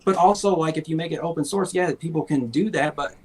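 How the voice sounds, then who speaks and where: A man's voice: fairly high pitch, animated, quick pace, low-quality recording. A man co-hosting a casual talk show, sarcastic and profane, laughing often and mocking people in put-on voices. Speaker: podcast co-host. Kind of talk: casual chat.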